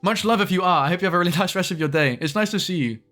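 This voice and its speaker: A young man chatting casually on a live stream, with quick asides to his chat. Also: high voice, fairly bright tone, faint music behind.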